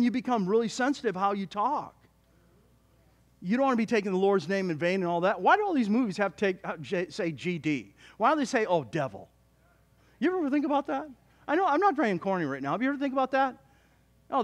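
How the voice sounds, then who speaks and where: A male pastor delivering a sermon with a high, animated voice. His pitch leaps up and down constantly. He jokes with the congregation and trips over quick restarts as he talks. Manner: animated, joking, many restarts.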